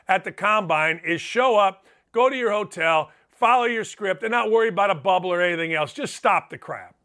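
Middle-aged male sports host, ranting and profane, high-pitched and edgy tone. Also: sharp tone. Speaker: sports talk show host. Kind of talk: opinionated podcast monologue.

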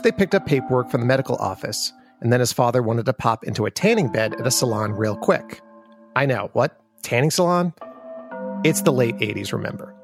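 A man co-host narrating a true-crime story in a chatty way with playful asides. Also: mid-range voice. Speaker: podcast co-host. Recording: clear music bed underneath.

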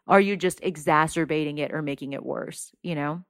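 A woman guest on a podcast, chatting casually and telling a story with lots of "like" and quick asides. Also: deep voice, clear, resonant tone, dry recording, studio quality. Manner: animated storyteller, heavy use of "like". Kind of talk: casual chat.

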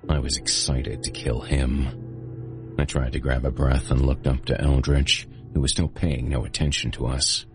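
Very deep-voiced man narrating grimly. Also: moderate pace, faint music behind. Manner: grim, steady, graphic telling. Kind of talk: first-person story narration.

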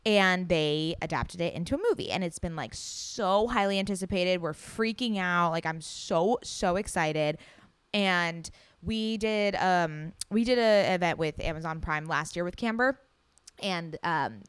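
A young woman hosting a solo podcast, chatting excitedly and gushing, with casual swearing. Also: lowish voice, a little slow, clean tone, no echo. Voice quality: loud. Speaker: podcast host.

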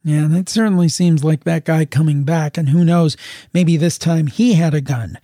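A male podcast host chats easily with a caller, pausing on fillers. His voice sits fairly high and sounds mellow. The recording is dry and close. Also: fairly even intonation, no room sound. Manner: easygoing, hesitant with fillers. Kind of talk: casual chat.

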